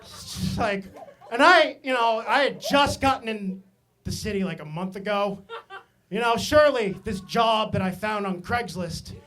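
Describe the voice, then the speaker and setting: A man from Maine telling stand-up comedy stories, animated and self-mocking, with asides to the audience. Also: sits high, a little slow. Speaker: stand-up comic.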